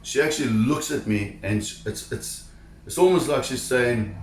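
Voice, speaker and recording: A man telling a personal diving story to camera in an animated, emphatic way, repeating words when excited. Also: medium pitch, normal speed, reverberant, a little hiss or hum. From South Africa. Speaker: shark diver telling a story.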